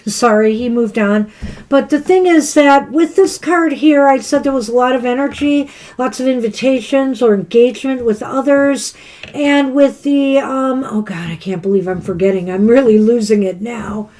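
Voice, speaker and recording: A woman's voice: high-pitched, moderate pace, a little mellow. A woman co-hosting a live tarot stream in casual chat, losing her voice and a little scattered, laughing and losing her train of thought. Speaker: tarot reader co-host.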